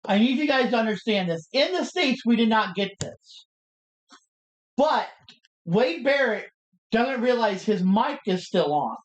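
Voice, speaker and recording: A woman co-hosting a live review stream, eagerly telling what happened in quick casual chat. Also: fairly high pitch, expressive, roomy sound, poor audio. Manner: eager, quick storytelling with many "like"s. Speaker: co-host of a wrestling review stream.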